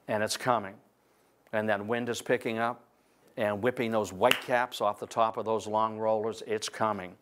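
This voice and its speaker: A man lecturing on history to an audience, telling it as a lively, digressive story. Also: on the low side, normal speed, noisy background. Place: library event room.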